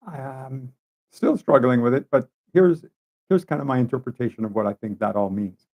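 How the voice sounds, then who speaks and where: A man's voice: medium pitch, moderate pace, warm tone. A man hosting his own show, telling stories in a casual, conversational way with asides to his listeners. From Canada. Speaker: podcast host. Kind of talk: casual monologue storytelling.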